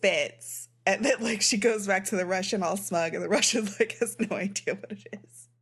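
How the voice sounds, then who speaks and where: A woman's voice: medium pitch, normal speed, breathy edge. A woman co-hosting a casual book chat, retelling scenes with many "likes" and frequent giggles. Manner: filler-heavy, giggly retelling. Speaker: podcast co-host.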